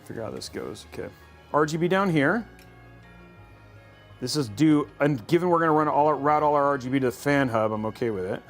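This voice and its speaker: Male livestream host, a bit high-pitched, rambling casual commentary, faint music underneath. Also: animated, a little fast, a bit bright. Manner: chatty, thinks aloud, many restarts. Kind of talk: casual live commentary while building a PC.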